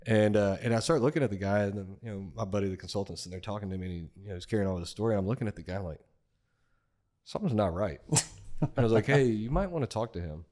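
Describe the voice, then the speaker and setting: A man's voice: lowish voice, rapid-fire, dark tone. A man co-hosting a casual podcast, telling rambling work anecdotes and acting out what other people said. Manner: rambling anecdotes, acts out quoted voices, laughs readily. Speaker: podcast co-host, former frac field worker. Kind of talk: casual storytelling chat.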